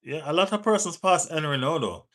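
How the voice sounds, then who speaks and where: A man with a Jamaican accent hosting a live football stream, answering viewer chat in relaxed patois-tinged talk and urging viewers to like the page. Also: a little high, brisk. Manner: reads out and answers viewer chat, teases, urges likes. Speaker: football livestream host.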